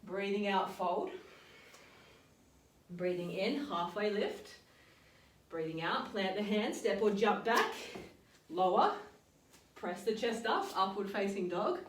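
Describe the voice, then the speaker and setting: A woman leading a yoga and strength workout, calmly cueing each move and breath. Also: medium pitch, slow pace, pauses often, far from the mic, slight background noise. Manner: calm step-by-step cueing with breath counts. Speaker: fitness and yoga instructor. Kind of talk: guided workout instruction. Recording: roomy sound, voice off-mic.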